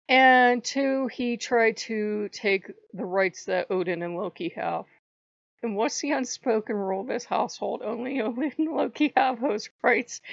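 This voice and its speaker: A woman tells a spiritual story in a loose, animated vlog monologue, laughing, swearing freely and slipping into the voices of the people she quotes. Her pitch sits right in the middle for a woman. The recording is dry and a little dull, as if from a modest mic in a small space. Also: no echo. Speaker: channel host.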